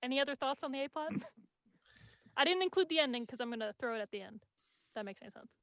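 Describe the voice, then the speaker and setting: Fast-talking, high-voiced woman host. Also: dry recording. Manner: excitable, chatty, lots of "like". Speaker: podcast host. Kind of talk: casual review chat.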